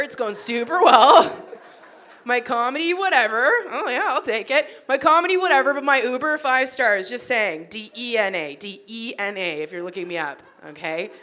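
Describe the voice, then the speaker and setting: Bright-voiced woman doing stand-up. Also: a little high. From Toronto, Canada. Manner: chatty, teasing the crowd. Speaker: stand-up comedian. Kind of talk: stand-up comedy set. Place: wedding reception hall.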